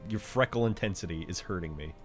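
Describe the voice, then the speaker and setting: A man's voice: deep voice, quick pace. Male streamer, casual profane chat, faint game music in the background. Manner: laid-back banter with chat, swearing and laughing. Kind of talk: casual live-stream chat while playing.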